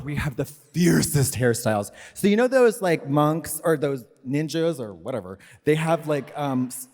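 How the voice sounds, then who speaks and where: A man's voice: fairly high pitch, a little mellow. A man co-hosting a live comedy podcast on stage, rambling with lots of fillers and swearing. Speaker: co-host. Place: live stage show in a venue. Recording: reverberant live venue, faint noise.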